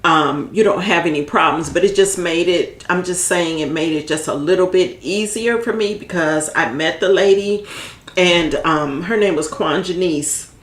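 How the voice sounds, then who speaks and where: A woman's voice: fairly low pitch, normal speed. Heartfelt woman vlogger, echoey room. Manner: heartfelt, rambling, repeats herself, gets emotional. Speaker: vlogger giving end-of-life planning tips. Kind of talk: casual advice talk to camera.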